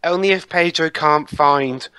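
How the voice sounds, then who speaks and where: A man's voice: fairly high pitch, a little slow, sharp tone, clean tone, no echo. A man hosting a casual group movie commentary, organizing the others with many ums and hesitations. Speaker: commentary host picking movies.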